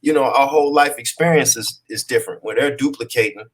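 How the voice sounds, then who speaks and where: A man's voice: mid-range voice, fast, slight background noise. A man, an actor, chatting as an interview guest in a laid-back way, often checking in with his listener. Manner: laid-back, peppers talk with "you know what I'm saying". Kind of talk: casual conversational interview.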